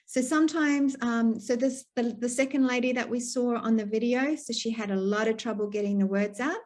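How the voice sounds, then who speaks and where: A middle-aged woman from New Zealand talks a stroke support group through practical advice over a video call. Her voice sits a little high, and she explains in an easy, down-to-earth way, pausing on fillers and restarting phrases as she goes. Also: darkish tone. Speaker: speech pathologist.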